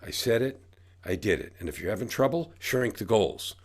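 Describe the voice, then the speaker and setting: A husky, somewhat low male voice, expressive and moderately paced. He's an author and coach in his sixties, a guest on a motivational podcast, speaking emphatically and preachily while repeating his catchphrases.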